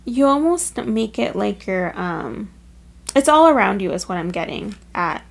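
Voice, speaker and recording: A woman's voice: fairly high pitch, vocal fry, darkish tone. A woman giving a casual pick-a-card tarot reading, chatty and emotional, with lots of filler words. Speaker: tarot reader.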